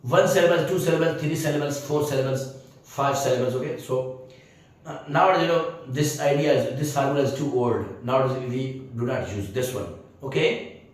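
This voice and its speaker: A man's voice: mid-range voice, moderate pace. A man teaching English grammar, hesitant with many fillers, often repeating phrases, spelling words out letter by letter and checking whether the class has understood. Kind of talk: spoken grammar lesson. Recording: very echoey room, distant mic.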